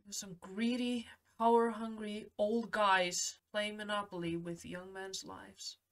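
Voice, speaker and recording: A woman's voice: medium pitch, steady tone, a little slow, a little hiss or hum. A young woman hosting a film reaction video, commenting emotionally and talking back to the screen.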